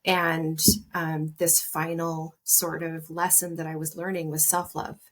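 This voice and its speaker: A woman speaking as a podcast guest, soft and reflective, often hesitating and restarting her sentences. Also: low voice, level tone, unhurried. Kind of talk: personal conversation.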